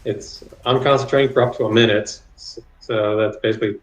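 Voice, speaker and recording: A man's voice: lowish voice, steady tone, fairly quick, echoey room, highs cut off. A man playing a tabletop game, explaining how his spell works with many stumbling restarts. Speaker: player.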